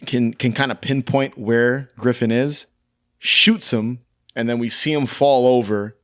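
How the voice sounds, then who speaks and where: A man co-hosting a film podcast, chatting casually and recapping with quick asides. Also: medium pitch, fairly even intonation, a bit bright. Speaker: podcast co-host. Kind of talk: casual chat reviewing a film.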